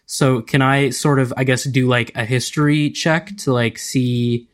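Dude playing a tabletop rpg, mid voice, jokey, fires off questions. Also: male voice, mid-range voice, steady tone, a little slow. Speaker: player. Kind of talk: casual tabletop game chat.

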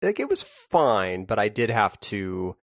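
A man's voice: fairly low pitch, sing-song, measured pace, no echo. A man co-hosting a podcast from home, talking casually with dry, wry humor and stammering starts. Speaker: podcast co-host. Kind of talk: casual chat. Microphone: laptop recording setup.

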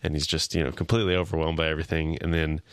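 A man's voice: a bass voice, flat delivery, rapid-fire, clear, resonant tone, no room sound. A man co-hosting a podcast, recapping a TV episode casually and lightly acting out the characters' lines. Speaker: podcast co-host.

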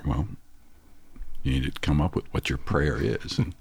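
Very deep, gravelly older man telling stories. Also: expressive, normal speed, no room sound. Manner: anecdotal, reflective storyteller. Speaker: guest. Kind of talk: casual interview storytelling.

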